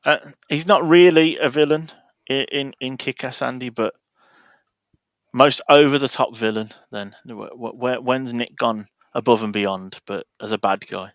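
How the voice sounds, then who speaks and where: A man's voice: mid-range voice, steady tone, a little slow, dry recording. A man hosting a podcast in casual chat, asking questions in a jokey, self-deprecating way.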